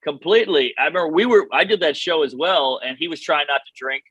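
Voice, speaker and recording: An American man in his thirties, a comedian guest telling stories casually with quick, jokey asides. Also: fairly high pitch, sharp tone, breathy edge, dry recording, muffled recording. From United States. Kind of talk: casual chat.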